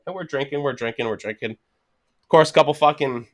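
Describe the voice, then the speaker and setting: A man's voice: a little high, a little fast. A man in his thirties, a podcast guest telling a story in casual chat, swearing constantly, laughing as he talks and acting out what people said. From Canada. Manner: animated, swears constantly, laughs mid-sentence, acts out quotes.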